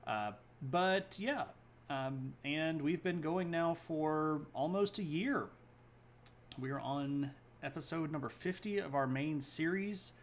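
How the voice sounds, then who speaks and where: A man's voice: fairly high pitch, slow pace, slight background noise. A man hosting a history livestream in a rambling, self-correcting way, chatting with viewers between points. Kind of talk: casual livestream talk.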